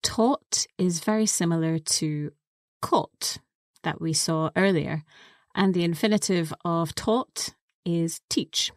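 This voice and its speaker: Slow, low-voiced woman teaching English. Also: no room sound, clean studio sound. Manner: patient, explains words step by step. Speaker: co-host of an English lesson podcast. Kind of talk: slow, clear teaching explanation.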